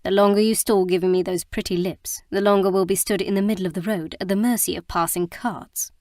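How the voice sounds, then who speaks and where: A woman reading the part of a blunt, teasing young husband in an audiobook, in a gruff, frank manner and dry sound. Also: medium pitch, fairly even intonation, a little fast, a little mellow, dry recording, close to an everyday voice.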